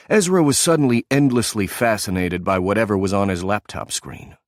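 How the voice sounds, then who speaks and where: A man narrating an audiobook in an even, measured reading. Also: fairly low pitch, dry recording, clean studio sound.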